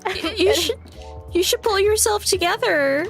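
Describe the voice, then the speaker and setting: A woman's voice: very high-pitched, a little slow, creaky, fairly bright tone, soft background music. A woman streaming a game in casual chat, talking in a theatrical, mock-dramatic way.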